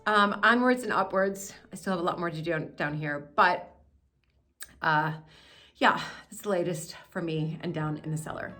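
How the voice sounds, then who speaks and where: A woman's voice: lowish voice, moderate pace, pushed and bright, soft background music. An American woman filming herself in a cellar, talking in an emotional, rambling and apologetic way. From United States. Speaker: host. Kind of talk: casual vlog narration. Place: indoor cellar. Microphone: handheld camera she is filming with.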